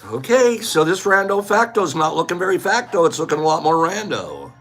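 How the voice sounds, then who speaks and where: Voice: medium pitch, very animated, a little fast, hardly any pauses, fairly bright tone, faint music behind. A livestream host in casual chat, playful and teasing, calling out chatters by name.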